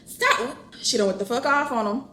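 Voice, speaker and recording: A woman with a fairly high voice talks fast in a reading vlog, reading passages aloud and reacting with exclamations. As a book vlogger she's animated and swears freely, breaking into bursts of laughter, and the room sounds echoey with faint background noise.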